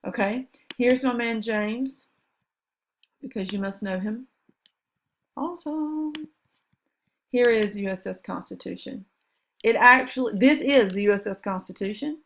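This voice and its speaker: A woman's voice: mid-range voice, normal speed. A woman teaching history over slides, chatty and enthusiastic, with asides about the pictures. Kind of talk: recorded classroom lecture over slides.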